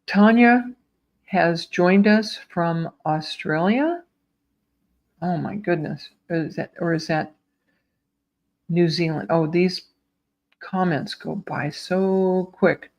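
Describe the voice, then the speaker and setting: Gentle, reassuring psychic medium woman. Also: on the low side, slow. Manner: gentle, reassuring, addresses viewers as sweetheart and my dear. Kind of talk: live online psychic reading.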